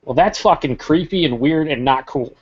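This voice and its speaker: Exasperated swearing host. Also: male voice, a little high, moderate pace, husky. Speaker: podcast host. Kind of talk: casual chat. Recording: slightly muffled recording.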